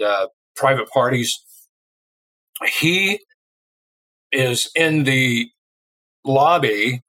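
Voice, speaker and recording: In an interview with poor audio, a middle-aged drummer from Illinois shares a casual anecdote. His pitch is medium, and he brings the story alive by imitating the people he quotes.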